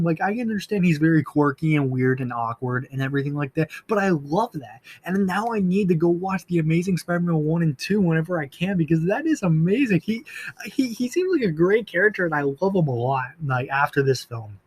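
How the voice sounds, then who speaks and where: Excitable man rambling through a review. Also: on the high side, fairly quick, slightly rough. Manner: excitable, gushing, heavy with fillers. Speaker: movie reviewer.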